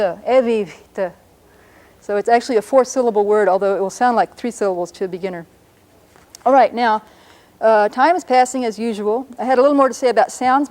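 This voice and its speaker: On a broadcast show, a woman teaches a language lesson, explaining patiently and slowing down to sound out words. Her voice is on the high side, with a darkish tone.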